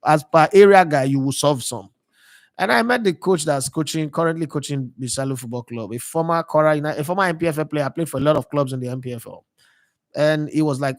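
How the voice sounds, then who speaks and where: A man's voice: a little high, fast talker, dry recording. Nigerian man telling rambling stories, dry sound. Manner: digressive storyteller slipping into pidgin. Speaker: sports channel host. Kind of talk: casual monologue.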